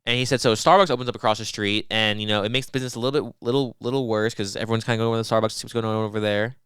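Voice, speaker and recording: Fast-talking young man, smooth dry voice. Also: fairly low pitch, fairly even intonation, a bit bright, no room sound. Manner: rambling, profane, mimics people in quoted voices. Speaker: podcast co-host. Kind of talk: casual podcast chat.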